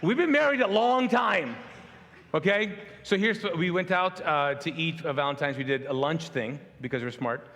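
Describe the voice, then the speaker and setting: A middle-aged man from Pakistan preaches in a loose, conversational way, acting out the voices in his stories with self-deprecating humor. His voice sits fairly high for a man. The sound carries a long reverb from a large hall. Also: moderate pace. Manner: animated storyteller, acts out quotes, self-deprecating humor. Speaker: pastor.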